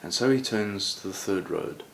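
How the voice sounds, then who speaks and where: A man tells a story in a relaxed, conversational manner, peppering it with "sort of." His voice is low. The recording has a roomy echo and faint background noise. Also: normal speed, vocal fry. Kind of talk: oral storytelling.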